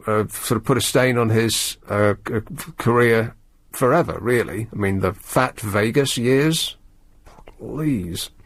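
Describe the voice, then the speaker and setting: A male radio presenter in a studio, talking in a sardonic, rambling way with animated emphasis. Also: mid-range voice, dry recording. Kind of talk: late-night radio talk. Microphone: studio microphone.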